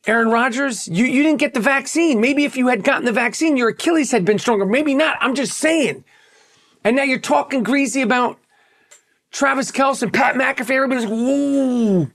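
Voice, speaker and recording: A man's voice: extremely high pitch, brisk, fairly bright tone. A man with a New York accent hosting a podcast, ranting in a brash, profane, repetitive way. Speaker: podcast host.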